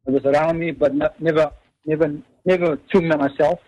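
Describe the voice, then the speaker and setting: American male guest, halting and filler-heavy, slightly high pitch. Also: fairly even intonation, a little mellow, dull audio. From United States. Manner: hesitant, halting with many fillers and throat clearing. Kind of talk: casual conversational interview.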